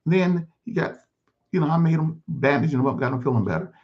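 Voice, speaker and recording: A man voicing Bubba, a rough-living street man, telling his story plainly with halting restarts in a one-man sermon skit. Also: fairly high pitch, expressive. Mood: recounting. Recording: dull lo-fi recording.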